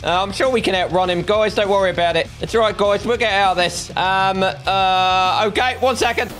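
A man voicing a comedic taxi driver in a game video, excitable and playful, with frequent yelps and exclamations. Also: high-pitched, normal speed, soft background music. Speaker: narrator and lead voice. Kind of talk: comedic game roleplay voiceover.

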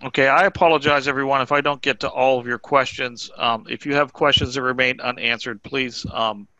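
Man, webinar moderator, hesitant, polite, sharp voice, dry dull call audio. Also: mid-range voice, fairly even intonation, fairly quick, dry recording. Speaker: moderator reading audience questions.

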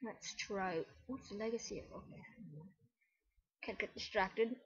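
A woman giving let's play commentary on a game, muttering to herself and breaking into excited yelps and exclamations. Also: mid-range voice, unhurried, slightly rough, no room sound, lo-fi sound. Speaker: gamer.

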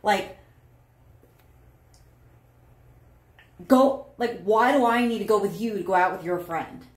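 A woman playing an angry, hostile partner who shouts, swears and turns every complaint back with sarcasm. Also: medium pitch, normal speed, natural voice. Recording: roomy echo.

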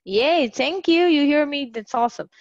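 A woman's voice: high-pitched, animated, normal speed, no room sound, highs cut off. A woman tutoring English in a live online class, chatty and encouraging, greeting students by name.

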